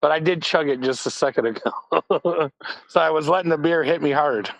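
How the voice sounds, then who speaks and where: Goofy joker on a stream call, high voice, dry close sound. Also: male voice, moderate pace, vocal fry, no room sound, rough recording. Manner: joking, rambling, goofy asides. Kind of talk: live stream group call.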